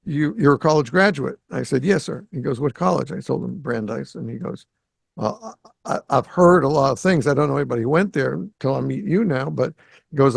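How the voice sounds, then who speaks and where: Speaking from his home in South Florida, a podcast host originally from Greater Boston shares a casual story in a medium-pitched voice with vocal fry and a breathy edge. He animates the tale by acting out the quoted lines, and there's no echo on the recording.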